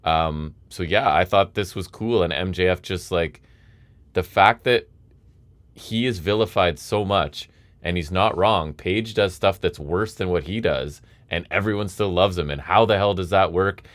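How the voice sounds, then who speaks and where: A man's voice: low voice, a little slow, no room sound. A man co-hosting a podcast, casually analyzing a storyline and checking in with "right?". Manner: thoughtful, analytical, ends points with "right?". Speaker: podcast co-host.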